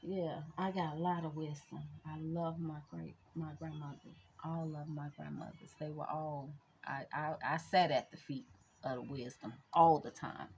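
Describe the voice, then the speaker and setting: Chatty woman with a low voice. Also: fairly even intonation, vocal fry, a little mellow, slight background noise. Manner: chatty, rambling, addresses viewers as y'all; slow reflective affirmations. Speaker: spiritual reader and vlogger. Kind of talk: casual spiritual chat vlog.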